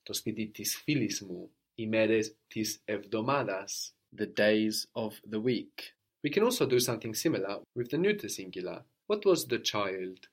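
A man teaching a language lesson, patiently prompting a student and repeating model phrases. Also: on the low side.

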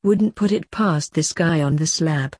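A woman voicing a weary middle-aged male coroner who is secretly a reaper king, moaning in a put-upon way, with a husky voice. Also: low voice, a little slow, darkish tone, dry recording, clean studio sound.

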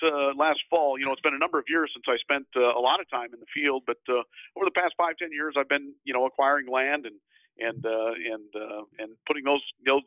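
A man being interviewed as a company head, telling a story with many pauses, fillers and restarts. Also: medium pitch, dry recording. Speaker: guest, financial firm CEO. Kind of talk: casual interview talk. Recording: tinny phone-like line, dry.

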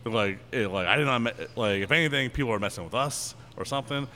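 A man's voice: mid-range voice, fast, pushed and bright, a little hiss or hum. Rambling, giggly man telling a story. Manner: rambling, filler-heavy with frequent laughs. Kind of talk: casual storytelling.

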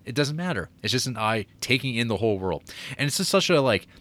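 A man's voice: mid-range voice, sing-song, fast talker, a bit bright. A man co-hosting a podcast, chatting casually about a movie and rambling with lots of fillers. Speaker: podcast co-host.

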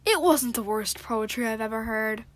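A woman's voice: fairly high pitch, moderate pace, no room sound, pitched below the performer's own voice, lightly acted. A young female reader voicing an earnest, formal boy who wears glasses.

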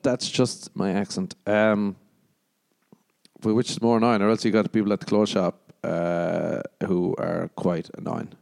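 Young Irish guy, podcast host, sweary sarcastic ramble, low mellow voice. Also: fairly even intonation, unhurried, gravelly. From Ireland. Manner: crude, sarcastic, jumps into mock voices. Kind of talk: rambling solo podcast chat.

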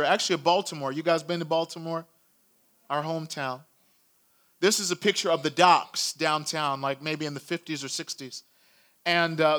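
A man's voice: high-pitched, pushed and bright. A male pastor telling a story in a sermon, earnest and building in intensity.

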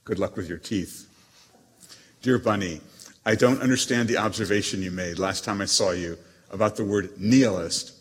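An actor reading letters as a proud, witty émigré novelist, with a haughty, dryly teasing manner. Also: male voice, on the low side, normal speed, slightly rough. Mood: lecturing. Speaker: letter reader. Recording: long hall reverb.

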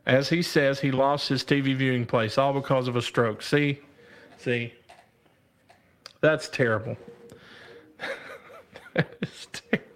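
A man with a drawl hosts a live stream in a relaxed, slow way. He chats casually, reads viewer comments aloud and laughs a lot, often calling out to God. His voice sits at a middle pitch. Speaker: live show host reading viewer comments.

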